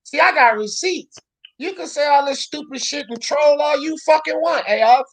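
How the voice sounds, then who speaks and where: A woman hosting a sports talk show, ranting loudly and profanely about boxing, often shouting. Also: high-pitched, normal speed. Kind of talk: heated boxing commentary rant.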